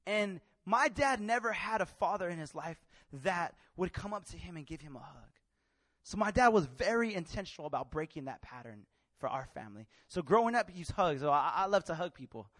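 High-voiced passionate young male preacher. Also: animated, a little fast, no echo, clean studio sound. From Mexican family. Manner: passionate, swings from loud to hushed. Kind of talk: sermon.

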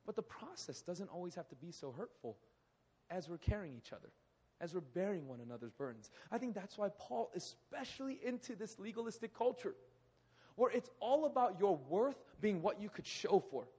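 A man in his thirties preaching a sermon in a hall, animated, often acting out quoted voices. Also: high voice, moderate pace, breathy edge. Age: 30s. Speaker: pastor. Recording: echoey hall.

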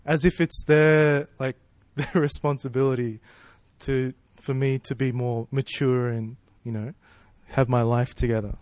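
A man's voice: medium pitch, fairly even intonation, unhurried, few pauses, darkish tone, no room sound. A man preaching a sermon in a casual, conversational way, asking rhetorical questions and checking in with "right?" and "you know".

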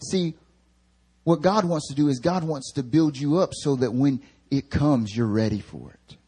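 A young male preacher delivers a sermon, swinging from loose, slang-heavy storytelling into rising, emphatic bursts. His voice sits a little high and carries a husky grain. He speaks to a church congregation. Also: normal speed. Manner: animated casual storytelling with slang. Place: church service.

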